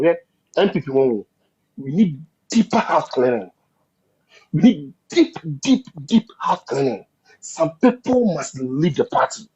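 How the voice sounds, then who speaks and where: In dull lo-fi audio, a man with a Ghanaian English accent holds forth in a heated political discussion. His voice is fairly high, a little mellow and husky, and he argues emphatically and repetitively, slipping into Twi phrases.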